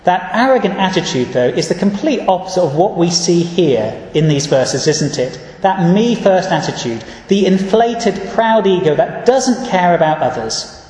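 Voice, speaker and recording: A man preaches in a steady, earnest way, often pausing to read out scripture verses. His voice sits fairly high for a man. It rings through a large church hall with a long, echoey tail. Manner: earnest, measured, reads scripture verses aloud. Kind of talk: sermon.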